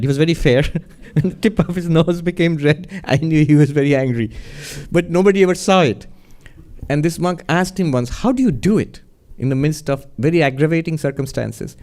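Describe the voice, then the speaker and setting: Gentle, reflective monk telling stories. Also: male voice, on the high side, expressive, a little fast. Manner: gentle, reflective storyteller who chuckles often. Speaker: monk giving a talk. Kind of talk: spiritual Q&A talk with anecdotes.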